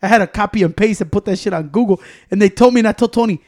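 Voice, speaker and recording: A young man telling stories in loud, profane casual banter as a podcast co-host. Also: high-pitched, very fast. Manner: loud, profane storyteller, talks over others.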